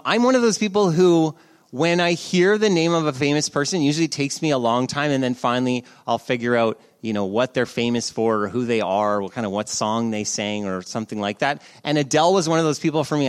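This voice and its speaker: A man preaching a sermon as the pastor, telling a story in a lively way and slowing down for emphasis. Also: a little high. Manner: storytelling, animated, slows for emphasis.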